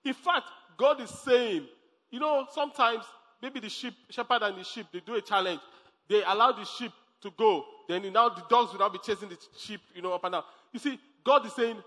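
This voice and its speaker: A man preaches in a high, ringing voice, pressing his points by repeating them and laughing as he goes. His sermon carries a long hall reverb. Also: normal speed, pushed and bright. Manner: emphatic, repeats phrases, laughs often. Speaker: pastor.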